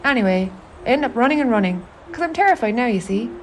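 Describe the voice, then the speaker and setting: A woman's voice: a little high, animated, quick pace, slight background noise. A woman with an Irish accent narrating a confiding spoken-word monologue, intimate, wry and sweary. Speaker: narrator of an autofictional audio artwork.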